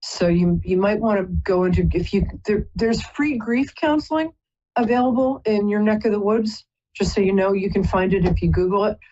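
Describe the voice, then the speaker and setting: A woman's voice: medium pitch, fairly even intonation, normal speed, warm tone, highs cut off. A woman hosting a live call-in psychic reading, chatty and rambling, often stopping to apologize. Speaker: psychic reader and host.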